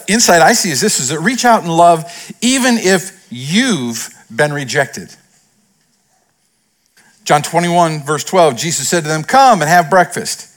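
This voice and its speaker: A man, a pastor, preaching a sermon, swinging between raised, emphatic lines and hushed retellings. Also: high voice.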